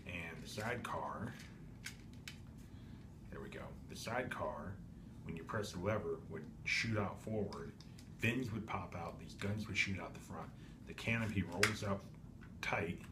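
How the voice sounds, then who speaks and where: Low-voiced guy rambling through a toy unboxing, echoey room with audible hum. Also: measured pace, pauses often. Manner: rambling, self-correcting, many ums. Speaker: toy collector vlogger. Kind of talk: casual unboxing narration. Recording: echoey room with steady background noise.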